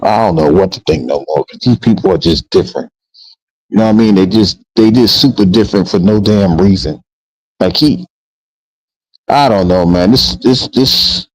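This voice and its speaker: A man's voice: fairly low pitch, a little mellow, low-quality recording. A man hosting a casual chat, loose and slangy, laughing between his remarks. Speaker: host.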